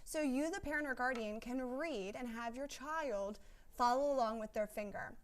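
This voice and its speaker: A woman's voice: a little high, moderate pace. Woman explaining tips to parents. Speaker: presenter.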